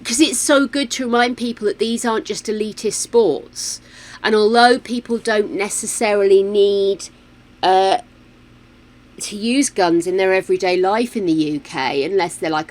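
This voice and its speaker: Playful and full of exclamations, a woman from the United Kingdom chats casually about her gameplay while streaming from home, a fan running in the room. She speaks at a moderate pace with a medium, expressive voice.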